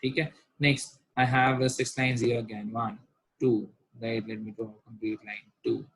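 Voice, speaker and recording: Husky man teaching probability. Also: medium pitch, level tone, normal speed, no room sound, low-quality recording. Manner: repetitive, checks understanding with rhetorical questions. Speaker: math teacher. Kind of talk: recorded lecture at a whiteboard.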